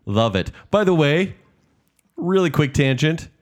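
A man co-hosting a casual chat podcast, telling animated stories in quick bursts. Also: a little high. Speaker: podcast co-host.

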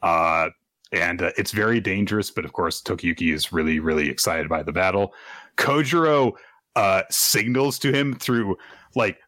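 A man co-hosting a casual manga discussion, retelling scenes animatedly and jumping into higher voices for quotes. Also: normal speed, bright, forceful tone, no echo, clean studio sound. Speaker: podcast co-host. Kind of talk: casual manga recap chat.

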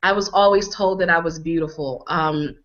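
A woman from Connecticut talks with a bright, forceful voice, a little hoarse as she gets over a cold. She leans on her words and repeats them for emphasis. The audio is slightly dull and lo-fi. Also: deep voice, fairly even intonation, moderate pace. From Connecticut, USA. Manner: emphatic, repeats phrases for effect. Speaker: healing coach, guest. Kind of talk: conversational interview.

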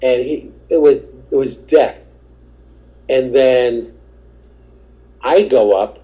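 Slow and dark, at medium pitch, a male comedian on a podcast spins rambling stories in relaxed conversation, doing impressions of everyone he quotes. The sound is lo-fi.

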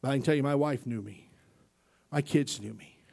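A male pastor giving a sermon, moving from quiet personal stories to loud, impassioned preaching. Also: medium pitch, normal speed, vocal fry. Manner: impassioned preaching that swings from quiet storytelling to shouting.

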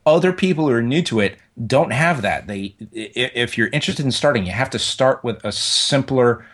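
A man co-hosting a casual podcast, explaining his points in a measured way. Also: mid-range voice, expressive, a bit bright. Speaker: podcast co-host.

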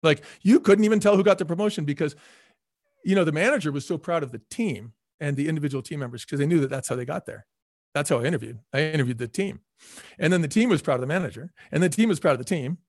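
Fast-talking middle-aged man telling stories. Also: on the high side, no room sound, studio quality. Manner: animated storyteller, acts out quoted voices, repeats words for emphasis. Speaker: former restaurant chain CEO, guest. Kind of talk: casual storytelling interview.

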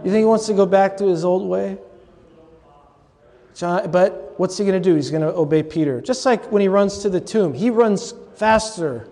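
High-voiced man lecturing in a reverberant hall. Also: normal speed, warm tone. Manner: conversational and humorous, with asides to the audience. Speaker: lecturer and podcast host. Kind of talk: lecture on scripture. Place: large lecture hall at a convocation. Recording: long hall reverb from a live talk.

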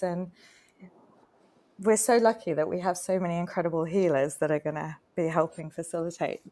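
Earnest low-voiced woman. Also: a little mellow. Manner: earnest, heartfelt storytelling. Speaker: co-host, retreat facilitator. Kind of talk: casual live-stream chat.

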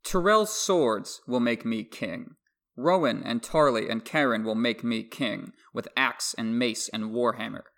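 A man's voice: medium pitch, a little slow, creaky, a bit bright. A podcast host voicing a smug, mocking young nobleman in a dramatic novel reading, airy and boastful.

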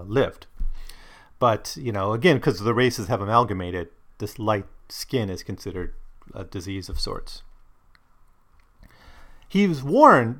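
Male book-discussion host, lively pitch, discursive and explanatory. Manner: discursive and explanatory, thinking aloud. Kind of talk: lecture-style book discussion.

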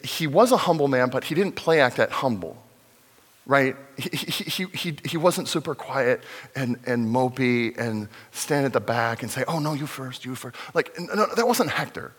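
A middle-aged man preaching a sermon as pastor, in a conversational, animated storytelling manner. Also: medium pitch, normal speed. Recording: long reverb of a large hall.

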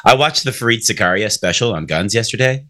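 Male podcast co-host, bright and punchy, sarcastic, swears, casual banter. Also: on the low side, expressive, a little fast. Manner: joking, sarcastic, swears freely. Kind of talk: casual chat.

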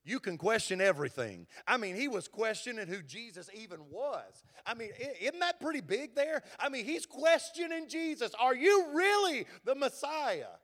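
A man's voice: high voice, big pitch swings, normal speed, few pauses. A middle-aged male pastor, preaching a sermon in an impassioned, exhorting manner. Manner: impassioned, building to loud exhortation.

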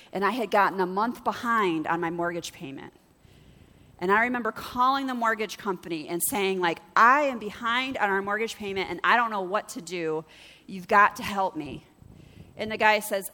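A woman's voice: mid-range voice, big-room sound. A woman pastor preaching a sermon, telling stories and acting out both sides of conversations. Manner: storytelling, acts out dialogue with lively shifts.

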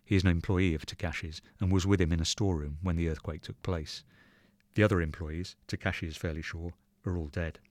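A man reading a short story aloud in measured, even narration. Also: sits low, no room sound. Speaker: reader.

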